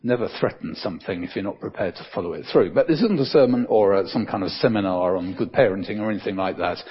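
An older man preaching a sermon in a conversational way, with many fillers and soft dips for emphasis. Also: on the low side, fast talker, slightly rough, dull audio.

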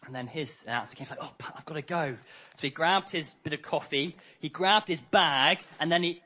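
A man's voice: fairly high pitch, fairly quick, bright, forceful tone. A man preaching a harvest sermon, telling a story and acting out the characters' lines.

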